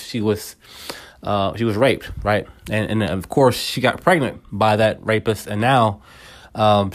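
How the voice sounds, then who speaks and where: Casual male podcaster, lowish voice, halting and repetitive, slangy. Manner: halting, repeats words, casual slang like "bro". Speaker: podcast host. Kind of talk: casual personal monologue.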